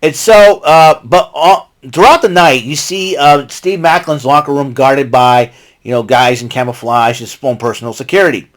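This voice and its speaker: An American man hosting his own vlog, giving an excitable, rambling recap full of asides and restarts. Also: mid-range voice, moderate pace. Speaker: vlog host recapping wrestling.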